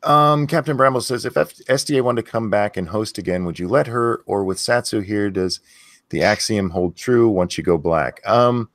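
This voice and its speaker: Hosting a live stream, a man talks casually, bluntly and profanely, reading chat messages aloud with many fillers and restarts. His voice is lowish and a bit bright, at a moderate pace, in a clean, dry studio recording.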